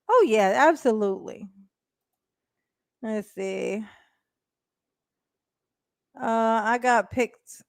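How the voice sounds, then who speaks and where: A woman doing casual live-stream commentary, blunt and profane, chatting directly with her viewers and breaking into quick laughs. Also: fairly high pitch, darkish tone, clean tone, dry recording, studio quality. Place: indoors at home.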